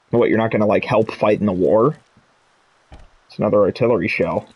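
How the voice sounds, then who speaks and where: A man's voice: on the low side, brisk, long pauses, breathy edge, no echo, highs cut off. A man streaming a video game, reading items aloud and muttering to himself as he explores. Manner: muttering item names to himself while exploring. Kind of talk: casual gameplay commentary.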